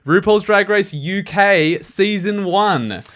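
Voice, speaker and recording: A man's voice: high voice, slow, a bit bright. A man co-hosting a podcast, chatting enthusiastically with lots of fillers and restarts. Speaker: podcast co-host. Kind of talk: casual chat.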